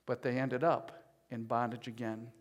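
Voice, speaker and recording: A man preaching a sermon as pastor, at times rising to loud pleading as he voices people's prayers. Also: mid-range voice, flat delivery, moderate pace. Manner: builds to loud pleading when voicing prayers.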